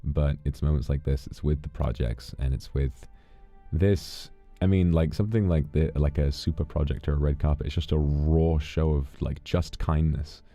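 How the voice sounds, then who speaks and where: A man streaming from home who reads out thanks to his fans in a soft, intimate way and is close to tears. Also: very deep voice, steady tone, normal speed. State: emotional, holding back tears. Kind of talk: casual livestream talk, reading out fan thanks. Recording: dull lo-fi audio with faint music.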